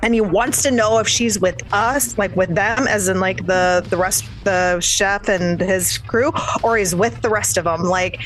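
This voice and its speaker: A woman co-hosting a podcast, chatting casually about a movie and retelling scenes in an animated way, with plenty of "like" and the odd swear. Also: medium pitch, unhurried, few pauses. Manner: animated storytelling, swears, says "like" a lot. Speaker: podcast co-host.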